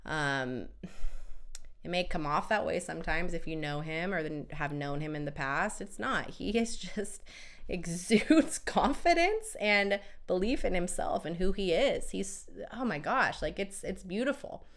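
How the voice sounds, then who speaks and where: Coughing through a cold, a woman runs a casual live stream as a relationship coach, speaking unhurriedly in a fairly low voice with lively intonation. She is emphatic and chatty, often saying "right?" and repeating words.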